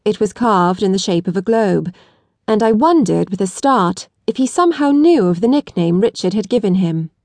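A woman audiobook narrator reading a period novel in first person, with a measured, deliberate delivery. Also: mid-range voice, animated, darkish tone, no room sound. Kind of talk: scripted narration.

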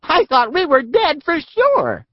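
A shrill, panicky talking butt from a kids' audiobook. The voice sits extremely high and swoops wildly, with lines stretched out slowly. It is recorded dry, with a muffled, dull tone. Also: male voice, wildly swooping pitch, dry recording, heavily acted. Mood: relieved. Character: squeaky excitable talking butt, male. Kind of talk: audiobook character voice.

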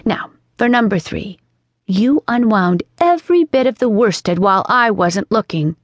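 A woman's voice: medium pitch, lively intonation, measured pace, dry recording. A woman voicing a chatty, imaginative young girl in an audiobook, earnest and lilting. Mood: scolding. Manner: earnest, scolding and dreamy by turns, lilting. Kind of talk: audiobook character reading. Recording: dry studio sound.

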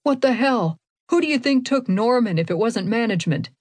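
A woman's voice: on the high side, animated, dry recording, pitched above the performer's own voice. A furious, bloodied priest who swears and barks out urgent demands, as a woman narrator voices him. The voice sounds dry and close, with no room sound behind it. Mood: angry. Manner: shouting, cursing, hurried.

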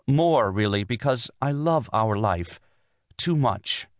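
A man's voice: medium pitch, animated, slow, dry recording, clean studio sound, pitched above the performer's own voice. A man narrating an audiobook voices a tense young wife and mother, earnest and insistent as she pleads her case. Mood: earnest, pleading. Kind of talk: audiobook dialogue.

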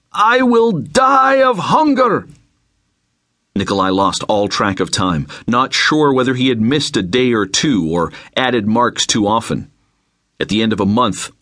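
A man reading an unabridged novel aloud, with measured, dramatic storytelling into a close mic. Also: on the low side, a bit bright, dry recording. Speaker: audiobook narrator. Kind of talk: scripted narration.

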